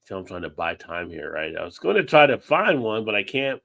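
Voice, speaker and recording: A man's voice: fairly low pitch, sing-song, fairly quick, vocal fry, fairly bright tone. Laid-back rambling man hosting a beer stream. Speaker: livestream host. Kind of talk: casual chat over beers.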